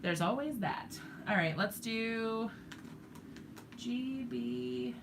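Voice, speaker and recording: A woman's voice: a little high, extremely slow, gravelly, background noise. A woman hosting a live crafting stream, chatting with viewers and thinking aloud as she works, often joking at her own expense. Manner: talks to viewers while working, thinks aloud, self-mocking.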